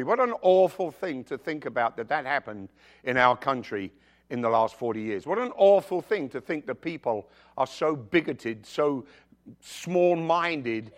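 A male pastor preaching a sermon, telling personal stories in an animated, emphatic way with jokey asides. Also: a little high. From outside the United States.

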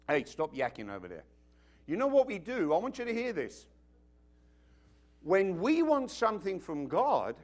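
A British man delivers a sermon in a high-pitched voice that swoops through a wide, lively range. He is emphatic, mixing jokes into his preaching, and keeps checking in with the congregation. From Britain. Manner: emphatic, joking, asks the congregation questions. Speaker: pastor.

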